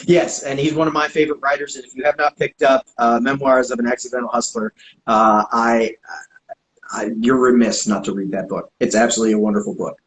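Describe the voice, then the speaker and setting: A man hosting an interview, asking relaxed questions with a joking edge. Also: medium pitch, fairly quick. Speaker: interview host. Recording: echoey room sound.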